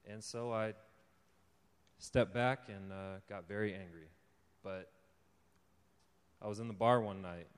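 Long hall reverb surrounds a young lay preacher delivering a casual testimony to a live audience. His voice is lowish, steady, and clean, unhurried with frequent pauses, as he tells his story conversationally, laughs often, and works up to fervent encouragement.

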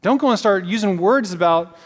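A man's voice: high-pitched, fairly quick. A man preaching a sermon, telling stories animatedly with lots of casual fillers. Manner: animated storytelling with many fillers. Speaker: pastor. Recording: long reverb of a large hall.

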